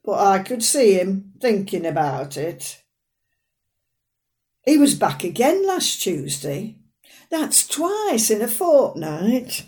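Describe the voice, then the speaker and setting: Slowly and in a sing-song lilt, a woman with a medium-pitched voice performs a wry dramatic monologue. She plays a dry, plain-spoken elderly mother from the north who is fussy, proud and sharp-tongued.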